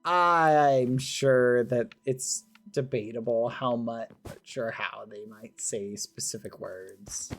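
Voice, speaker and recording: A man's voice: medium pitch, slow, few pauses, faint music behind. A young man chatting playfully with viewers during a casual live game stream. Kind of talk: casual live-stream chat while playing.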